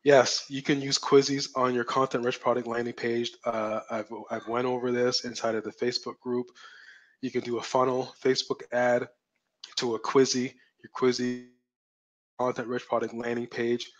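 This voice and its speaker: Man, online coach, live webinar, emphatic, repeats himself, voice going hoarse, slightly muffled stream audio. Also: medium pitch, level tone, moderate pace. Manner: emphatic, repetitive, rhetorical questions. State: losing his voice.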